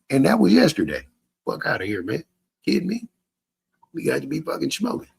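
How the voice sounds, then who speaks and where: A man's voice: mid-range voice, sing-song, normal speed, creaky, pauses often, a little mellow, breathy edge. A man in a profane livestream rant, cursing heatedly and mocking his critics with bursts of laughter. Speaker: social media streamer.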